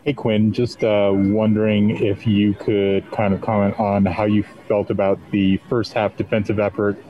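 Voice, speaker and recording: A man's voice: on the low side, flat delivery, moderate pace, muffled recording. A male reporter asking press conference questions in a tentative, hedging way.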